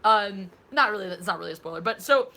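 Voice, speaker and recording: Bright-voiced sarcastic young woman. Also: mid-range voice. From Philadelphia. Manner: animated, sarcastic, quick asides. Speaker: podcast co-host. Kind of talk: casual livestream chat.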